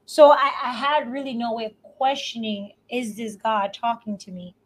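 A woman's voice: a little high, fairly even intonation, moderate pace, a little hiss or hum, rough recording. A woman co-hosting a faith podcast, speaking in a heartfelt, reflective way with hesitant starts. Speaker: podcast co-host. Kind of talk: casual faith podcast chat.

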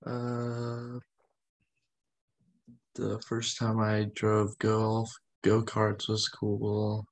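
A man's voice: fairly low pitch, monotone, drawn-out words, vocal fry. A man who is a guest on a podcast, giving short, laid-back replies in casual chat.

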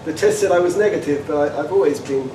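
A man giving an informal talk to students, animated and full of humorous anecdotes, often repeating words as he restarts and laughing as he goes. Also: fairly high pitch, quick pace. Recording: echoey room, distant mic, background noise.

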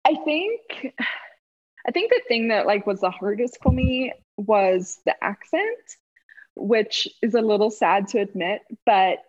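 This South African woman, around thirty, has a medium-pitched voice with lively intonation and a measured pace, heard on a muffled recording. Her South African accent now carries a hint of Southern US twang. A former college runner, she's a guest in a casual interview, chatting and laughing often.

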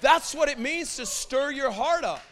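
A young man preaching with a high, bright voice. He speaks in a loose, conversational way, full of "like" and restarts, then rises into loud, fervent proclamations as he works himself up. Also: lively intonation, measured pace. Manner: impassioned, builds to loud prophetic declarations with fillers like "like". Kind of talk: sermon.

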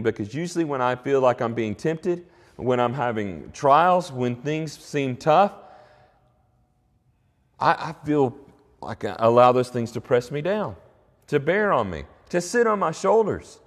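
A man preaching a sermon in an earnest, reflective way, often restarting his sentences. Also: medium pitch. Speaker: pastor. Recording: long hall reverb.

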